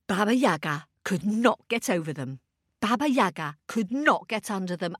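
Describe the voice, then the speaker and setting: Children's storyteller, woman: lively, unhurried, playful sound effects, questions to the kids. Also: on the high side, no room sound, studio quality. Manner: animated, asks listeners questions, makes sound effects.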